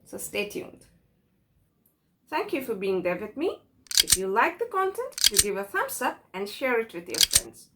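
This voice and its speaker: A woman's voice: medium pitch, big pitch swings, measured pace, very noisy. A woman teaching an English grammar lesson, patiently explaining step by step with examples and stressing key words.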